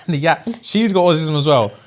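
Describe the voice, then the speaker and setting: Guy on a podcast, slightly high voice, swings all over in pitch acting out stories. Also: a little fast. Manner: animated storytelling, acts out quotes, laughs often. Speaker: podcast host. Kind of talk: casual chat.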